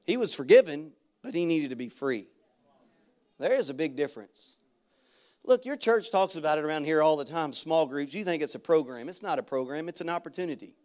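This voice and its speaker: A male pastor preaching a sermon, talking in a loose, conversational way and breaking into loud, excited shouts. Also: on the high side, a little fast. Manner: animated preaching that jumps into loud shouted bursts; conversational storytelling with casual slang. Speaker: guest pastor.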